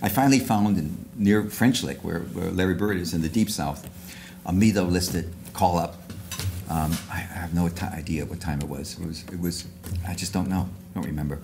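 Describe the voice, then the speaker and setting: A man's voice: low voice, moderate pace, creaky, background noise. An older man giving an anecdotal luncheon speech, rambling with frequent restarts and asides. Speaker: award speaker. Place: luncheon hall.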